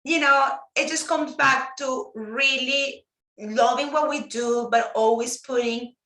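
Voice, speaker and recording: A woman whose first language is Spanish, a guest teacher talking earnestly and warmly in a casual live-stream chat, often restarting her sentences. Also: sits high, steady tone, slow pace, reverberant, low-quality recording. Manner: earnest, heartfelt, many restarts.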